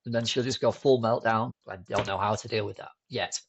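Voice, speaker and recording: Gravelly man telling stories. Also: lowish voice, a little fast, muffled recording. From United Kingdom. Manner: relaxed, rambling, with many fillers and restarts. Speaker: podcast guest. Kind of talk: casual conversational storytelling.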